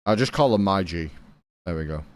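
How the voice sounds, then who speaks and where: A man's voice: low voice, lively intonation, brisk, clear, resonant tone, no room sound. A young British man streaming a game, chatting casually with his chat and swearing now and then.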